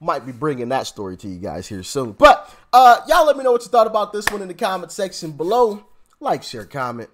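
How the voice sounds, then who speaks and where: A man's voice: high voice, huge pitch swings, a little fast. A man hosting a political commentary channel, ranting sarcastically and stammering as he repeats himself.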